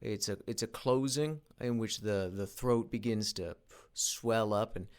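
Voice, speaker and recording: A man talking through a reflective solo monologue, halting with frequent restarts and repeated words, earnest in tone. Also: on the low side, clean tone. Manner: earnest, self-motivating. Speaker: independent voice actor and producer.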